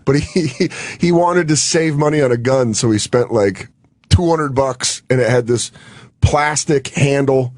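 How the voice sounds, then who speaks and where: A man's voice: mid-range voice, a little slow, no room sound. A young male comedian on a dry studio mic, spinning a story with lots of energy. He jumps into other people's voices and laughs as he goes. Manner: animated storyteller, acts out quotes, laughs often. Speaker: comedian guest. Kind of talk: casual radio show chat.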